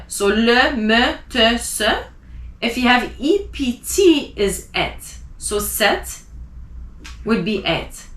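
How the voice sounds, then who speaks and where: A woman teaching French pronunciation, spelling out letters and slowly repeating example words. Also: on the high side, bright, forceful tone, roomy sound.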